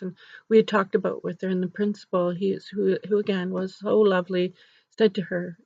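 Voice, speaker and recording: A woman's voice: mid-range voice, level tone, brisk, vocal fry, darkish tone, husky, no echo. A woman counselor earnestly telling a story about helping a grieving child, in an instructional video. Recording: dull, dry recording.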